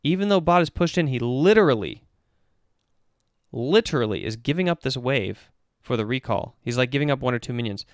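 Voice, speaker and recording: A man coaching esports players talks through a match replay and picks apart each play with lively, analytical energy. His voice is smooth and resonant. The sound is dry and close to the mic. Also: medium pitch, a little fast, no echo. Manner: analytical, animated, breaks down plays step by step. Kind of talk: casual game-replay commentary on a stream.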